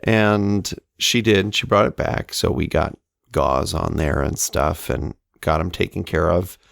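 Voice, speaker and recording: Slow, halting man telling a story. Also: deep voice, creaky, a bit bright, no echo, clean studio sound. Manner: slow, halting, many fillers. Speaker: podcast co-host. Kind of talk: casual storytelling.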